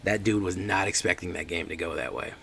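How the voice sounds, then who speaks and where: A man with a deep voice giving casual, joking commentary while streaming a card game. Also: brisk, gravelly, a bit bright, a little hiss or hum. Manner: joking, chatty, talks to chat.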